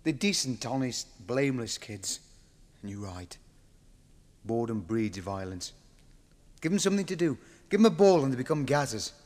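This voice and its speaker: A wry, earnest man, played by an actor, commenting drily. His voice sits at an ordinary middle pitch with a long hall reverb around it. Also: lively intonation, normal speed, a little mellow, close to an everyday voice. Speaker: actor in a TV drama.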